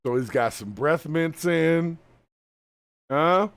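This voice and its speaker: A man hosting a live stream, reacting to a video with casual, animated, colloquial commentary. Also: on the high side, takes it slowly, heavy background noise. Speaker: host.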